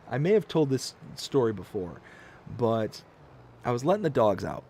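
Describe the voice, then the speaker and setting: A man in his thirties telling stories on a casual live game stream, animated and self-mocking. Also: mid-range voice, a little slow, a little hiss or hum.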